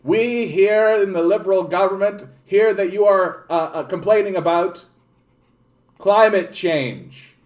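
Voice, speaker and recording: A Canadian man voicing a smug, hollow government politician who makes slow, mock-solemn announcements. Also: high-pitched, a little mellow, voice pushed up.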